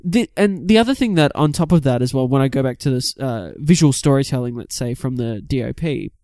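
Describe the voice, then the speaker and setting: A man's voice: medium pitch, animated, a little fast, dark tone, no room sound, clean studio sound. A man co-hosting a casual film review podcast, rambling with many restarts and fillers. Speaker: podcast co-host.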